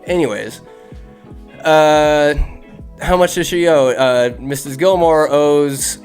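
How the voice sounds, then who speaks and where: A man hosting a podcast, retelling a movie in an animated, profane way and hopping into character voices. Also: a little high, slow pace, faint music behind. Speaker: podcast host.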